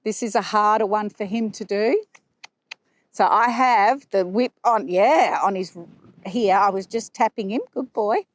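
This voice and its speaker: Woman trainer talking calmly while riding. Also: mid-range voice, measured pace, no echo. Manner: calm and explanatory, praising the horse in soft asides. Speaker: horse trainer. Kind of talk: instructional commentary while riding. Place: riding arena.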